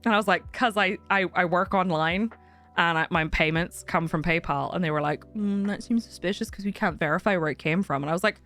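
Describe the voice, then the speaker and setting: A woman streamer chatting casually with viewers, telling a story in an animated way, acting out other people's voices, swearing and laughing often. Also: lowish voice, brisk, soft background music.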